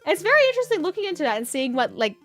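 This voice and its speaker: Young woman streamer, high and very lively, playful rambling chat. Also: very fast, soft background music. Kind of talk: casual chat reading viewer comments.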